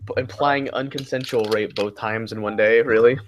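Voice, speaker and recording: A man hosting a casual group chat, telling stories in a profane, animated way. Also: mid-range voice, normal speed, background noise. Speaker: host.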